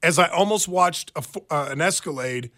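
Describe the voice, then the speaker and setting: A man's voice: a little high, moderate pace, fairly bright tone. A man co-hosting a radio talk show, telling stories animatedly with plenty of fillers and restarts. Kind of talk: casual talk radio banter.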